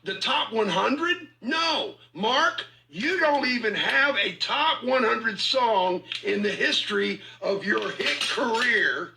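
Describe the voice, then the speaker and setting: Man, confrontational online ranter, taunting and profane; high, piercing voice. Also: lively intonation, takes it slowly, vocal fry, hardly any pauses, bright, forceful tone, poor audio. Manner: taunting, mocking, profane, repeats himself. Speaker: online commentator in a feud. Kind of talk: confrontational rant.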